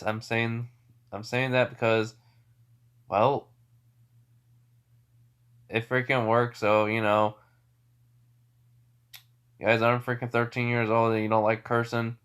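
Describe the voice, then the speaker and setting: A man's voice: on the low side, level tone, measured pace, long pauses, a bit bright, clean tone. A man improvising a casual fan story in a rambling way, with frequent sighs and self-corrections.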